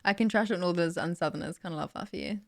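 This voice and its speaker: A woman's voice: lowish voice, very fast, gravelly. A young woman with a Southern English accent, chatting casually on a live stream and answering questions from chat on a desk mic at home. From south of England. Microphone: desk mic with noise gate.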